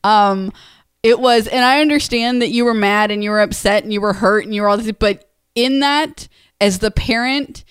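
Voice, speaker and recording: A woman's voice: fairly high pitch, moderate pace, smooth, dry recording, studio quality. A woman co-hosting a podcast, talking in a frank, matter-of-fact way. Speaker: podcast co-host. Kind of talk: casual chat.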